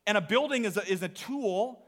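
Man, pastor, high voice, earnest animated sermon, repeats phrases, church stage mic. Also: a little fast. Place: church auditorium.

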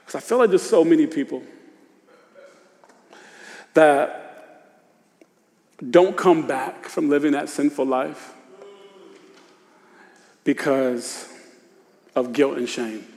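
A man preaching a sermon in loose, casual speech, dropping to a hush and rising to shouts. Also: on the high side, slow, pauses often. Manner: swings from hushed confession to shouted exhortation; informal Southern-tinged preacher speech, "y'all" and "ain't". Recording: long hall reverb.

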